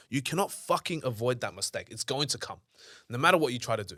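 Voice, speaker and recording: A man's voice: medium pitch, lively intonation, fairly quick, a bit bright, dry recording, clean studio sound. A young man telling stories in a casual interview, swearing often and acting out old arguments in a raised voice. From Australia. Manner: swears freely, acts out past arguments in a raised voice. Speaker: podcast guest, entrepreneur.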